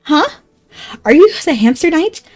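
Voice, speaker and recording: A woman's voice: high-pitched, very animated, a little slow, darkish tone, soft background music, pitched above the performer's own voice. A woman voicing a small, earnest village girl who lost her cat and asks for help. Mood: pleading. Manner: earnest, pleading.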